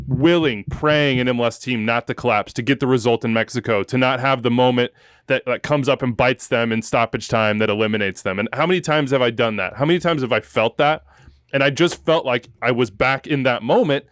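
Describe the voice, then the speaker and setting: A man's voice: mid-range voice, clean tone, no echo, clean studio sound. A man hosting a soccer podcast, telling stories with emotion and joking asides while leading the chat. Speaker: podcast host.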